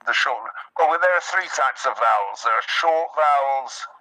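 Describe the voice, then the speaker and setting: A man's voice: mid-range voice, expressive, normal speed, pushed and bright, low-quality recording. A British man teaching an English learner on a video call, patiently explaining pronunciation with examples. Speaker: English tutor.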